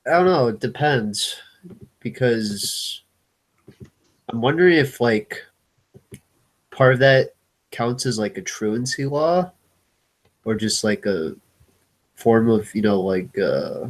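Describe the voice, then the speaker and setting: A man's voice: medium pitch, expressive, slow pace, pauses often. A young man in casual conversation, laid-back and hesitant, trailing off with fillers. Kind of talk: casual chat.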